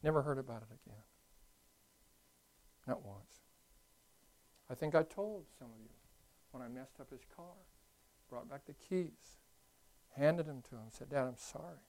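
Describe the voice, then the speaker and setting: Animated man preaching a sermon. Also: mid-range voice, unhurried, long pauses, poor audio. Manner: swings from hushed asides to loud animated bursts; conversational storytelling. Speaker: pastor.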